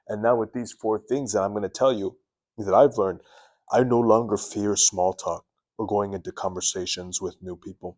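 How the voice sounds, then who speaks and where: Brief: male self-help host, lowish voice, earnest and animated, talks to camera, stumbles and restarts now and then. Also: normal speed. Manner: earnest, animated, varies tone up and down on purpose, restarts words. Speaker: self-improvement video host. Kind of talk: direct-to-camera advice talk. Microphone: camera mic.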